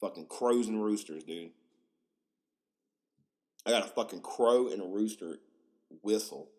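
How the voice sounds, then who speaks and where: A man in his twenties hosting a podcast, rambling casually, swearing a lot and getting excited. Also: lowish voice, unhurried. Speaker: podcast host.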